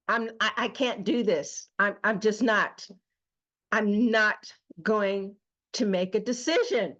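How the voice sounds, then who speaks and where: A woman hosting her own show, telling a personal story slowly and emotionally with emphatic repetition. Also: mid-range voice, fairly bright tone, lo-fi sound. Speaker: host. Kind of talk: personal testimony monologue.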